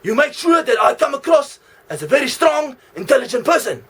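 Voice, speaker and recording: A man's voice: very high-pitched, big pitch swings, fairly quick, a bit bright, voice pushed up, heavily acted. A man putting on a bossy Russian strongman. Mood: commanding. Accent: Russian, put on. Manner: broken English, bossy. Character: gruff Russian strongman on the phone, demanding.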